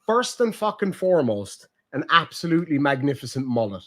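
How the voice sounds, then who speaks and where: Profane, animated young man chatting. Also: fairly high pitch, brisk. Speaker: streamer host. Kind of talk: casual chat.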